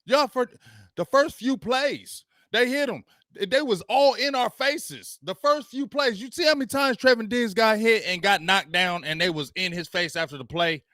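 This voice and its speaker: A man's voice: high voice, moderate pace, bright, forceful tone, dry recording, studio quality. A man hosting his own late-night show, ranting about football in a heated, mocking, slangy way. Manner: heated, mocking, barking dog noises, slangy. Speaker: show host. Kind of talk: animated sports rant.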